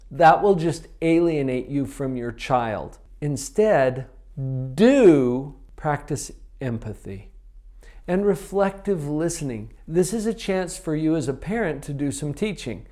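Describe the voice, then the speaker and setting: A middle-aged man giving a parenting lesson, emphatic, slowing down to stress key phrases. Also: on the high side, darkish tone. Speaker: parenting coach. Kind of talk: instructional talk to camera.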